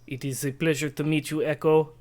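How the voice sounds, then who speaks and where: A man's voice: fairly high pitch, level tone, brisk, darkish tone, lightly acted. A man voicing a stiff, formal male house servant who guards a door and speaks curtly without contractions.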